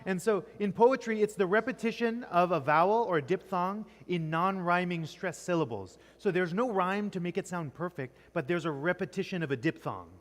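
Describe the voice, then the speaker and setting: A man's voice: sits high, normal speed, hardly any pauses. A man teaching a class on poetry in a church classroom. He keeps quizzing the students and ends nearly every point with "right?". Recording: long echoing reverb.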